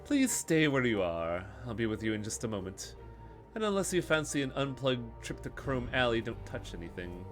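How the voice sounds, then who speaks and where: A man voicing a cultured, smooth-talking male Russian smuggler who is polite, measured and faintly menacing. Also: mid-range voice, sing-song, faint music behind, voice pushed up, close to an everyday voice. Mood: courteous.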